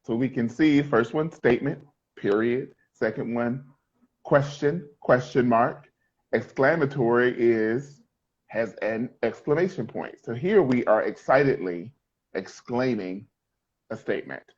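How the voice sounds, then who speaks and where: A man's voice: medium pitch, unhurried, darkish tone, dull audio. A male middle school teacher explaining sentence types, joking and quizzing his students. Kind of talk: classroom lesson.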